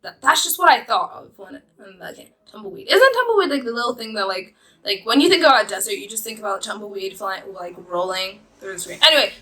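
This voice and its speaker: A woman's voice: mid-range voice, sing-song, fast talker, pushed and bright, rough recording. A young woman vlogging, telling rambling stories to camera with lots of fillers and giggles. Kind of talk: casual storytelling to camera.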